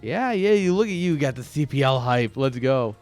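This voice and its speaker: A man's voice: a little high, lively intonation, brisk, a little mellow, faint music behind. Rambling, jokey male game caster. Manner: rambling, ranting, jokey, chats with viewers. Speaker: esports caster and streamer. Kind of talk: casual live game commentary.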